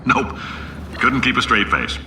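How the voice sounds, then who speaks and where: A man's voice: medium pitch, sing-song, a little slow, bright, forceful tone, echoey room, distant mic, slight background noise, heavily acted, rough recording. An actor playing a brash, boastful company chief who talks in a blustering, salesman-like, sardonic way in a video game. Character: brash boastful male company CEO, middle-aged.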